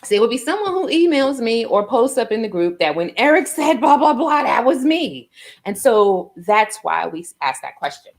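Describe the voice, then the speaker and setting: A woman's voice: a little high, sing-song, moderate pace. A woman hosting an interview over a video call, earnest and rambling, often tagging her points with "right?". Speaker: host.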